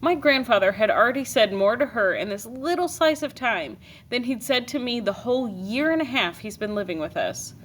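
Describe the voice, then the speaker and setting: A woman teacher reading a novel aloud to her class, expressive with dry comic timing. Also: a little high, normal speed, few pauses, slight background noise.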